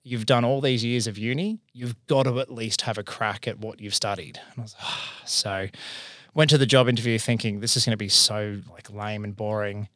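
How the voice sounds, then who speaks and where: An Australian accountant and business owner in his thirties tells his career story casually and animatedly, acting out the voices of people he quotes. He speaks on the low side at a moderate pace, with no echo.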